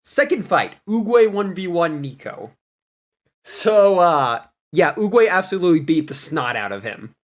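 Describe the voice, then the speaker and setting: A young man recounts his tabletop campaign in a loose, goofy storytelling way. His voice sits a little high and leaps around with animation, and he keeps breaking into laughter. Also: sing-song, unhurried. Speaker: player recapping a campaign. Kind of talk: casual storytelling recap.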